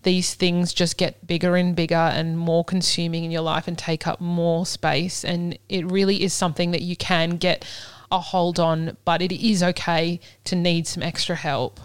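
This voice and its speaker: A woman's voice: fairly low pitch, level tone, moderate pace, clear, resonant tone, no room sound. Chatty candid woman podcast co-host. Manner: candid, chatty, many fillers. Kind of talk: casual podcast chat.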